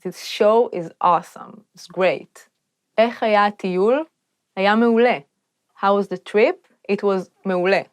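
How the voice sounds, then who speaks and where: Smooth-voiced, chatty woman teacher. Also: medium pitch, a little fast. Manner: relaxed, chatty, with fillers. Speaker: language teacher. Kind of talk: casual lesson explanation.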